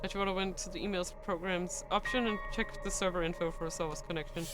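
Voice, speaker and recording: A woman streamer reading a visual novel aloud, excitable and prone to bursts of shrieking and laughter. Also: fairly low pitch, fast talker, hardly any pauses, loud music behind the voice.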